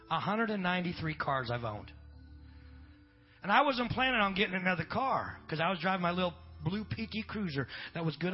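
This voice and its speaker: High-voiced middle-aged pastor preaching. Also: male voice, highs cut off. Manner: swings from shouted preaching to chatty storytelling. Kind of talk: sermon. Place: church revival service.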